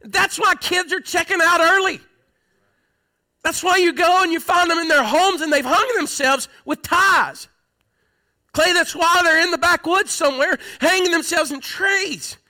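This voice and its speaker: High, bright-voiced impassioned preacher man. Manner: impassioned preaching, swinging from loud emphatic peaks to hushed, tender passages. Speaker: pastor. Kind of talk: sermon.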